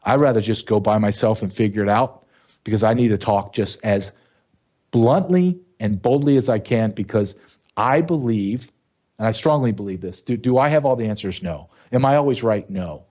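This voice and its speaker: A man hosting his own show, delivering a blunt, angry commentary monologue that keeps rising into sharp outbursts. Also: on the low side, normal speed, dull audio. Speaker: show host.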